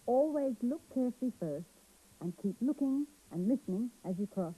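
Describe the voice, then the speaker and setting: Aussie lady doing a careful storybook dad, firm and warning, husky and dark. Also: very high voice, expressive, moderate pace, heavily acted, poor audio. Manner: firm, cautioning. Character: gentle careful dad, adult man.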